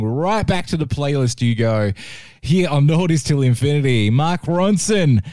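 An Australian man hosts a music show, chatting casually and cracking jokes between songs in radio-style music chat. He speaks a little slowly with lively swings in pitch, and the studio-quality recording has no echo.

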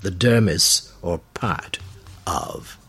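A man hosting a radio program on word meanings, talking slowly and deliberately and spelling words out letter by letter. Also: deep voice, very animated, vocal fry, fairly bright tone, slightly rough. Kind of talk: explanatory radio talk.

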